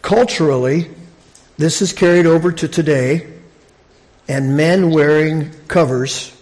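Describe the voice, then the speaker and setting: A man preaching a sermon in a conversational, halting way, often restarting his sentences. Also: on the high side, darkish tone. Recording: long reverb of a large hall.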